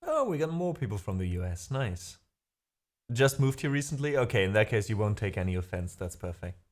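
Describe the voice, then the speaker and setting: Very animated and a bit fast, a man with a lowish voice hosts a music livestream in English, which isn't his native language. He reads viewer comments in casual chat, wandering off topic and laughing at himself.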